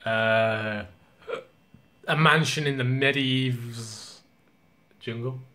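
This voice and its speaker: A man's voice: medium pitch, drawn-out words, bright, forceful tone. Rambling young man vlogging casually. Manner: rambling, joking, swears a lot. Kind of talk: casual vlog rant.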